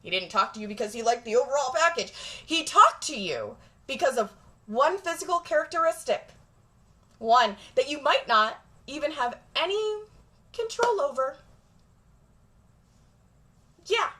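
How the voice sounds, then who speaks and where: A woman's voice: sits high, big pitch swings, measured pace, pauses often, pushed and bright. A woman vlogger talking straight to camera in a blunt, profane, emphatic rant. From Jamaica.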